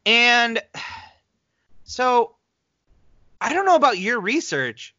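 A man's voice: extremely high pitch, drawn-out words, dry recording, muffled recording. A man co-hosting a podcast in casual chat, telling stories animatedly and slipping into voices. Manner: animated storyteller, slips into voices. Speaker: podcast co-host.

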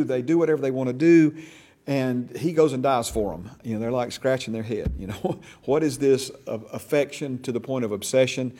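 A man's voice: medium pitch, dark tone. A man teaching a church discipleship class, talking casually and animatedly, often restarting words and checking in with "okay?" and "amen?". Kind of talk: conversational Bible teaching. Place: church classroom, also streamed online.

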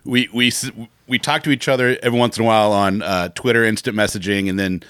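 A man with a somewhat low voice hosts a laid-back podcast, rambling through long lists and chuckling as he goes. His sentences wander and restart. The sound is dry and close to the mic. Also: fairly even intonation, fast, fairly bright tone, clear, resonant tone, no room sound. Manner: rambling, laughs often, restarts. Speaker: podcast host. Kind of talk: casual podcast chat.

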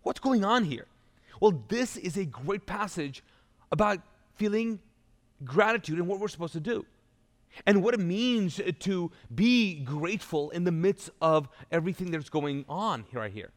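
A man's voice: high voice, animated, normal speed. A male pastor giving a live sermon in a church, talking in a conversational storytelling way with restarts and asides. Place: church auditorium. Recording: long church hall reverb.

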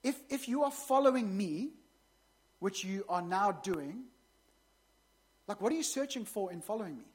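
A woman with a husky, slightly breathy voice preaches to her congregation. She talks casually between readings and drops in joking asides. Her pitch sits in the middle range. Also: lively intonation, moderate pace, long pauses. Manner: conversational, jokey asides to the congregation. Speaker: pastor. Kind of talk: sermon.

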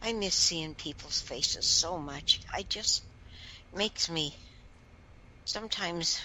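A woman co-hosting a casual chat, speaking softly and wistfully. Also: on the low side, slow pace, a little hiss or hum, rough recording. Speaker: co-host.

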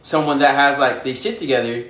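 A woman's voice: rumbling low, fairly quick, fairly bright tone, recorded from a distance. A woman co-hosting a podcast in casual chat, teasing and joking and cutting in often. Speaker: podcast co-host. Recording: roomy room sound.

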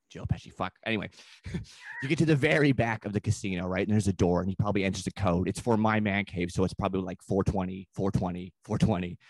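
A man's voice: low voice, no echo. Profane man spinning a comic tale. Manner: profane, rambling, slips into quick put-on voices. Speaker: comedian guest. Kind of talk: comedic storytelling.

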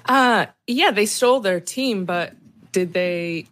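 A woman's voice: medium pitch, takes it slowly, fairly bright tone. A woman on a podcast panel, speaking frankly and practically as a business owner. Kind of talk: casual panel discussion.

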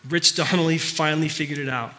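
A man preaching, telling a story in a conversational way that turns quiet and earnest. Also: fairly high pitch, steady tone, fast talker. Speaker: pastor. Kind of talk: sermon.

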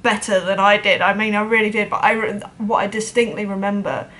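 A woman's voice: mid-range voice, a little fast, fairly bright tone, slight background noise. A woman drummer telling a personal story to camera in a chatty, self-deprecating way, acting out the voices of other people.

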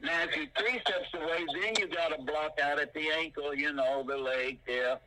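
An older man teaching martial arts in an animated way, punctuating his points with sound effects like boom and bam. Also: normal speed, a little hiss or hum, low-quality recording.

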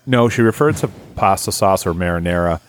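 A man's voice: sits low, lively intonation, a little fast, slight background noise. A man on a casual podcast telling a story in a rambling way, full of restarts. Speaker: podcast co-host.

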